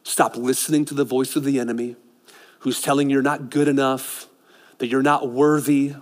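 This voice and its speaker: Excitable pastor preaching in a reverberant hall. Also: male voice, mid-range voice, normal speed. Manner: swings between loud excited passages and hushed intimate ones. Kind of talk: sermon.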